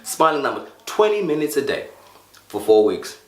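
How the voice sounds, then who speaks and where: A man's voice: mid-range voice, big pitch swings, moderate pace, darkish tone, reverberant. A man coaching viewers on how to feel better, talking animatedly, repeating phrases and acting out examples. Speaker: self-help coach. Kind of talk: motivational talk to camera.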